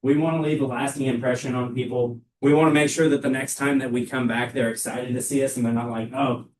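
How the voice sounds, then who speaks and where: A young man giving a live sales training talk to a room of colleagues, with a loud, energetic, emphatic delivery. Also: medium pitch, fast talker, a little hiss or hum. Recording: echoey room, mic far off.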